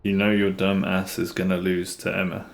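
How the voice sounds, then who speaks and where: A British man chatting casually while streaming a game live, unhurried and dryly joking with his viewers. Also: low voice, completely flat delivery, creaky, a little hiss or hum. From Britain. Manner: unhurried, chatty, answers chat with dry humour. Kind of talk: casual live gameplay commentary.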